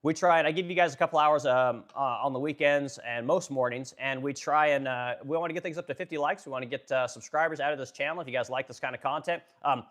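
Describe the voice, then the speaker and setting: Fast-talking, blunt male streamer. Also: medium pitch, fairly bright tone. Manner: blunt, profane, filler-heavy. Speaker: live-stream host, furniture business owner. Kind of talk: casual political commentary live stream.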